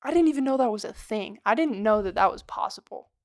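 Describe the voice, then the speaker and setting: A woman's voice: medium pitch, expressive, no echo. A woman co-hosting a podcast, reacting with amazement and adding short comments on a close mic. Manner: reactive, quick to sound amazed. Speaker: podcast co-host. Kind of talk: casual chat, reacting.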